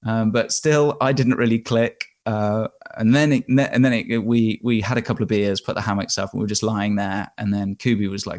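An Englishman with a lowish voice tells a long anecdote as a guest in a casual interview. He rambles and corrects himself as he goes. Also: fairly even intonation, a little fast. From England.

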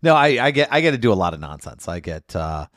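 A man guests on a podcast in a studio. He tells comic stories and acts out the people in them, his pitch swinging widely. The studio sound is dry and close. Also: quick pace, dry recording. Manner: animated, acts out quoted voices. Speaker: guest, lawyer and comedian. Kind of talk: comic storytelling in casual chat.

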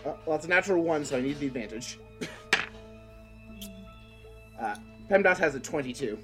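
A man's voice: fairly high pitch, animated, moderate pace, over music. A man playing a tabletop game, talking casually in a hesitant, rambling way. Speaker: player.

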